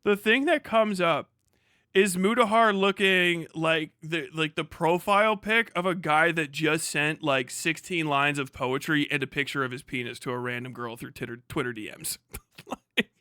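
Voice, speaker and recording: Excitable, foul-mouthed male streamer. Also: a little high, moderate pace, smooth, no echo, clean studio sound. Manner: profane, excitable, laughs often. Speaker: live streamer. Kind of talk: casual live-stream chat.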